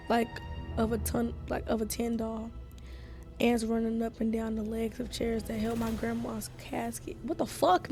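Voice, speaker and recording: Woman gamer reading horror game text, kinda high voice, quiet reading then loud swearing, faint music behind. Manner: hushed reading broken by loud profane outbursts. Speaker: gaming streamer.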